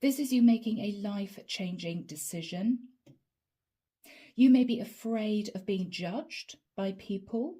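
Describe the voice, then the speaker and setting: A woman's voice: medium pitch, measured pace, warm tone. A woman giving a chatty tarot reading straight to her viewers, laughing often and calling them guys. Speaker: tarot reader.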